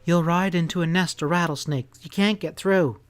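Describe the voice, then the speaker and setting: A man's voice: fairly high pitch, moderate pace, clear, resonant tone, voice pushed up, natural voice. A man voicing a defiant throaty cowgirl. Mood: pleading. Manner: curt, defiant. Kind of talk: audiobook character voice.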